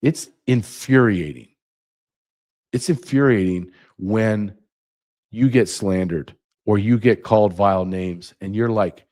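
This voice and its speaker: A man's voice: on the low side, takes it slowly, darkish tone. A man hosting his own show, delivering an indignant opinion monologue with sarcastic asides. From United States. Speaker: podcast host.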